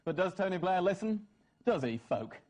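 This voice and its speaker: A man hosting a comedy panel quiz in a TV studio, reading out questions and scripted jokes with a dry, deliberate delivery. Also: high-pitched, sing-song. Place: television studio with live audience. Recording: loud audience laughter over the TV studio sound.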